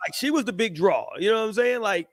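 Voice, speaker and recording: A man's voice: high voice, animated, fast talker, no room sound, studio quality. A man, co-hosting a relationship podcast in laid-back, slangy, chatty talk. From Texas. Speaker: podcast co-host. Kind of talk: casual chat.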